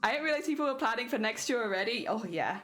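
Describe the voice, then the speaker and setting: A young British woman keeps up easy chat with her viewers as she crafts on a live stream. Her voice sits high and moves all over the place, and she laughs often between remarks. Soft music plays quietly underneath. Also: lively intonation, fast talker. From Britain.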